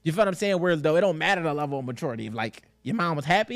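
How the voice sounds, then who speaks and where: A young man talks through a casual podcast in loose, slangy speech. He keeps acting out the people he quotes, and his voice sits fairly high. The sound is close and dry, with no room echo. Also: very fast. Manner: animated, slangy, acts out quotes. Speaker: podcast host.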